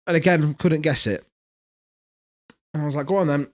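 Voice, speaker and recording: Casual banter and family storytelling come from a male podcast co-host whose voice is fairly high and whose speed is normal. He swears and laughs a lot.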